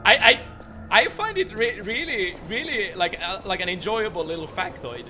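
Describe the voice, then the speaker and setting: A man's voice: high voice, lively intonation, normal speed, bright, forceful tone. A young man with a Swedish accent, casually chatting while streaming a game, stumbling and repeating words as he starts sentences. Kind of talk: casual gameplay chat. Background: game music.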